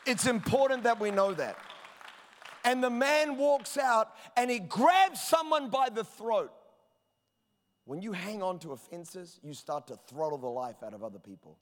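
A male pastor with a strikingly high voice delivers an emphatic sermon, pressing each point hard and at times shouting it out. His voice rings with the long echo of a big hall. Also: expressive, moderate pace, some chatter behind. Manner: emphatic preaching, rising to shouts. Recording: long reverb of a large hall.

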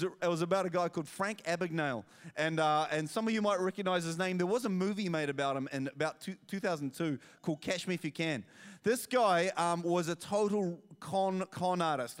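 A man preaching a sermon as pastor, animated storytelling with self-deprecating asides. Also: high-pitched, long reverb tail.

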